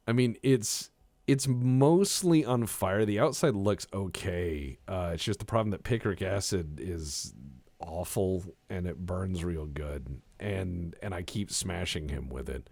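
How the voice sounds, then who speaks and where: A man's voice: sits low, takes it slowly, gravelly, a little mellow, no room sound. A man co-hosting a podcast, chatting casually and rambling in a self-mocking way while he plays a game. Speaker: podcast co-host.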